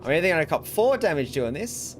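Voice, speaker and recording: Man, streamer, lively pitch, wry casual commentary, faint music underneath. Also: a little fast. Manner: chatty, wry, laughs often. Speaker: gaming streamer. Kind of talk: casual let's-play commentary.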